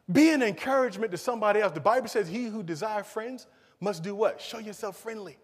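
A man with a high voice delivers a sermon, swinging between emphatic raised passages and low, quiet asides. His words ring out with a long hall reverb behind them. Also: fast talker. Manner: preachy, rises to emphatic calls and drops to low asides. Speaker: pastor.

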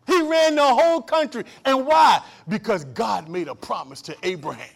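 A male pastor preaching a sermon, calling out for amens and swinging from loud outbursts to low hushed asides. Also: normal speed, vocal fry. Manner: repeats and restarts phrases, calls for amen.

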